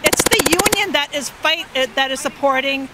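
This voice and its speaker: A woman's voice: high voice, moderate pace. A middle-aged woman protester arguing on the street in a blunt, curt, exasperated way. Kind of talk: heated street argument. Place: outdoors by a street. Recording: outdoor street noise.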